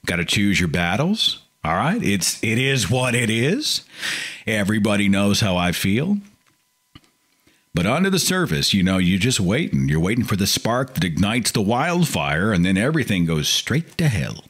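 Man, podcast host, low pitch, lively swinging delivery, casual monologue. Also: normal speed, slightly rough. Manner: animated, mocking impressions of pious relatives. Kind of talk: casual call-in show monologue.

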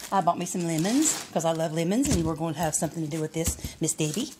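A woman's voice: sits low, expressive, fast talker, noisy background. A woman chatting casually in a haul vlog, folksy and rambling as she shows off what she bought. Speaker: vlogger.

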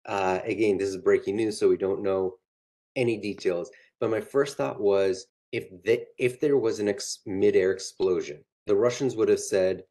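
A man hosting a panel discussion, thinking aloud in a measured way with fillers. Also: fairly low pitch, fairly even intonation, mellow.

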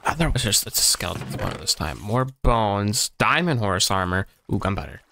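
A man's voice: on the low side, big pitch swings, brisk, gravelly, bright, forceful tone, a little hiss or hum. A man giving casual running commentary while playing a game, talking to himself and swearing freely. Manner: chatty running self-talk, swears casually. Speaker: gaming channel host.

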